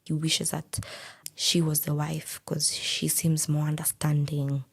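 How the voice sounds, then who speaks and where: A young woman recounting her own story candidly on a podcast, in a hushed, half-whispered, deadpan way. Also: deep voice, measured pace, gravelly, husky. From Kenya. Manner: plain, deadpan retelling of painful events.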